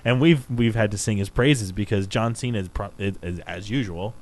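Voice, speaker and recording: A man co-hosting a podcast, chatting casually and excitedly about wrestling, with plenty of swearing. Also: normal speed, poor audio. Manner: animated, swearing, pitch jumping up when excited. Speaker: podcast co-host.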